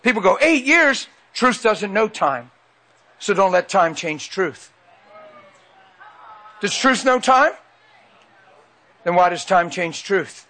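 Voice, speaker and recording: A man's voice: high-pitched, lively intonation, slow, long pauses, sharp tone. A man preaching a sermon into a handheld mic, emphatic and repeating phrases for weight.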